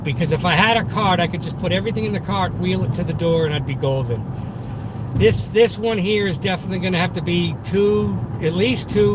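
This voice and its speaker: A delivery driver from Massachusetts with a Boston accent chats live with viewers from inside his car while driving. His voice sits high, and he's chatty, upbeat, and boastful as he talks to people in the chat. Car and road noise make the interior recording noisy.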